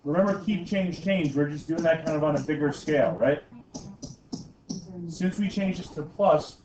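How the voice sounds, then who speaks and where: A man's voice: a little high, moderate pace, darkish tone, far from the mic, slight background noise. A man teaching a math class, joking with students and checking in with "okay?" and "right?" after almost every step. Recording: echoey, dull classroom recording from afar.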